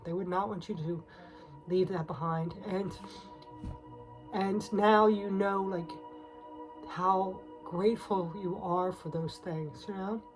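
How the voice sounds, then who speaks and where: A woman's voice: medium pitch, low-quality recording. A woman giving a casual tarot reading, emotional and close to tears, talking in a confiding way with many fillers. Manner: emotional, confiding, with frequent fillers and soft laughs. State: teary, on the verge of crying. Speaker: tarot reader.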